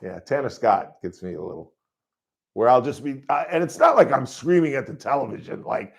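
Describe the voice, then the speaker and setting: Loud, rambling sports radio man. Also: mid-range voice, brisk, vocal fry. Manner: loud, rambling, animated storytelling. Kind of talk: call-in sports talk. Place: radio studio.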